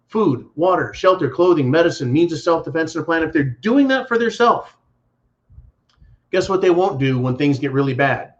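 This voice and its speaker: A man's voice: high-pitched, fairly bright tone. Profane ranting male livestream host. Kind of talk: live-stream commentary. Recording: dull lo-fi stream audio.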